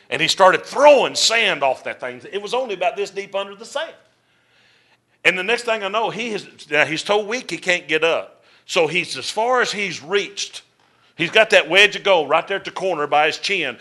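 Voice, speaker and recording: A middle-aged preacher with a drawl tells a vivid story from the pulpit. His tone is bright and forward, a little above the usual male pitch, rising to loud bursts and dropping to near murmurs. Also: animated, normal speed. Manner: folksy, drawling Southern-style delivery with dramatic swings in volume. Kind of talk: storytelling sermon.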